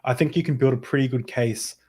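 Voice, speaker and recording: A man's voice: medium pitch, steady tone, a little fast, mellow, breathy edge. Eager man interjecting in podcast chat. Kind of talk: casual debate chat.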